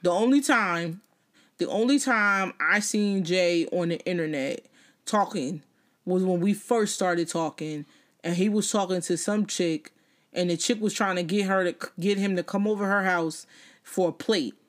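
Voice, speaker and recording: A woman co-hosting a casual talk show, telling stories in an animated way and acting out the people in them, laughing often. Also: lowish voice, normal speed. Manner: animated storyteller who mimics others and laughs often. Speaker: podcast co-host. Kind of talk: casual banter.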